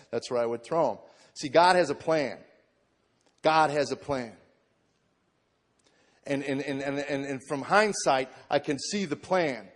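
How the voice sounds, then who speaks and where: A man in his forties telling a heartfelt personal story to a live audience, acting out what others said to him. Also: medium pitch. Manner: earnest storytelling, acts out quoted voices. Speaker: comedian giving testimony. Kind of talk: spoken testimony to a live audience. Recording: long hall reverb.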